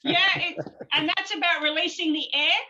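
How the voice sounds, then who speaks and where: A woman from Australia with an Australian accent, a former naval officer chatting casually and telling lively stories at an event. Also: very high-pitched, a little hiss or hum. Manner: lively, quick storytelling with laughs. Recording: dull lo-fi sound.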